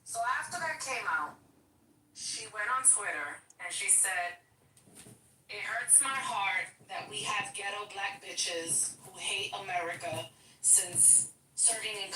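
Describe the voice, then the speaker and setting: A woman hosting a panel talk show. She moves the talk along and reads posts aloud at an unhurried pace, in a bright tone. She is miked from a distance in a roomy space with faint noise. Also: medium pitch. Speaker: host.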